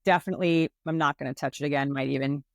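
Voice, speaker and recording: A woman with a New York accent, co-hosting a book podcast and reading a summary aloud in a steady, measured way. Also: sits low, no room sound. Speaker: podcast co-host.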